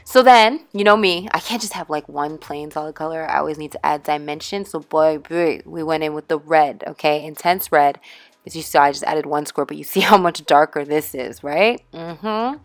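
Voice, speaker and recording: Bubbly low-voiced woman vlogger. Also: normal speed. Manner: bubbly, playful, calls viewers darling. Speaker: beauty vlogger. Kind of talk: chatty hair tutorial.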